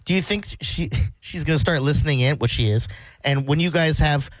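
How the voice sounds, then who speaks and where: A man co-hosting a radio talk show who teases and jokes through casual banter. His voice is notably high, and it sounds dry and close to a studio mic. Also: brisk, no echo, low-quality recording. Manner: joking, teasing banter. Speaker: radio co-host. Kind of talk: casual chat.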